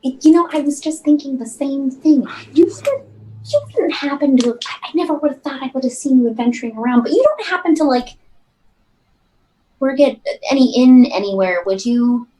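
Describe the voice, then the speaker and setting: A woman's voice: high voice, lively intonation, moderate pace, mellow, a little hiss or hum, poor audio. A woman playing a tabletop role-playing game, friendly and rambling, often talking in character. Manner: friendly and rambling, with many restarts. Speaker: player.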